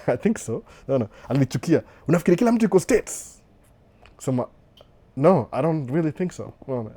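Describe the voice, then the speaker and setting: Animated Kenyan man hosting a live Q&A. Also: mid-range voice. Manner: animated, repeats "no, no", laughs often. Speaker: livestream host answering viewer questions. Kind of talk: casual live Q&A, mixing Swahili and English. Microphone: desk microphone with computer setup.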